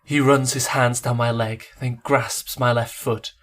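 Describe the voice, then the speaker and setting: A man's voice: mid-range voice, level tone, unhurried, a bit bright, close to an everyday voice. A man reading aloud as a woman narrating a steamy romance scene, in a hammed-up voice. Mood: breathy reading. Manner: theatrical romance reading in a mock northern voice. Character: adult woman narrator-heroine, breathless.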